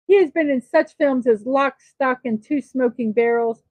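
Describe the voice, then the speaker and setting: A woman's voice: high-pitched, a little mellow, dry recording, low-quality recording. A woman hosting a daily morning show, chatting casually and reading off birthday lists with self-deprecating asides. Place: East Coast of the United States.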